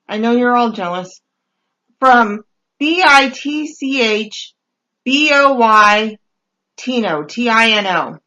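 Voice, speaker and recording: A woman telling funny stories in a casual, wry, deadpan way, full of hesitant fillers, as she reads out messages she got on a dating site. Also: a little high, lo-fi sound. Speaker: podcast host reading dating-site messages. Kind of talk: casual comedic storytelling.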